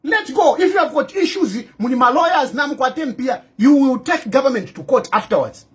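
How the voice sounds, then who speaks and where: A man's voice: very high voice, lively intonation, normal speed, slightly rough. Indignant Zambian man ranting to camera. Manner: indignant, repetitive, rhetorical questions. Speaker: political commentator. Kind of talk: impassioned video monologue. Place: in exile abroad.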